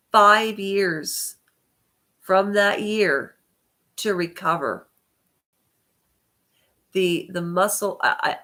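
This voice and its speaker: Medium-pitched, bright, and forceful, the congested woman meanders through personal talk on her vlog, speaking to camera with hesitation and often correcting herself mid-sentence.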